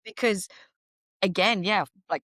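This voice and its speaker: A woman's voice: mid-range voice, unhurried, fairly bright tone, no echo, clean studio sound. A woman in her forties hosting a podcast, talking in a candid, chatty conversational way. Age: 40s. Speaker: podcast host. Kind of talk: casual interview chat.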